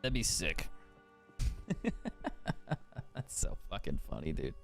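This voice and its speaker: A man's voice: very deep voice, sing-song, a little fast, vocal fry, fairly bright tone, soft background music. Laid-back man streaming a game. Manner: chatty, swears freely, laughs often. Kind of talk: casual gaming stream commentary.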